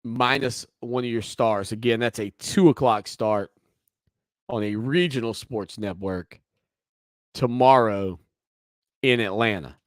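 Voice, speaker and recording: Male sports talk host, mid pitch, dry close studio sound, chatty and opinionated. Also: unhurried, pauses often, dry recording. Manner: conversational, opinionated, teasing asides. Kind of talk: sports talk radio monologue.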